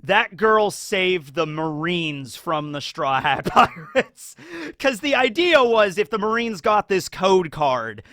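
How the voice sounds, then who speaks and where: An excitable man rambles through a casual anime recap, full of fillers and tag questions. His voice sits a bit high and sounds bright and forceful. The recording is dry and close. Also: slow, dry recording. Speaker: YouTuber.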